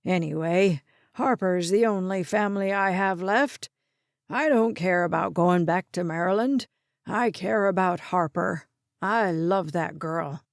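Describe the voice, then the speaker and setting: A woman voicing an elderly grandfather in the hospital, blunt, demanding and forceful, in a slow audiobook reading. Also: on the low side, no echo, studio quality. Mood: heartfelt. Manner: forceful, bossy, impatient.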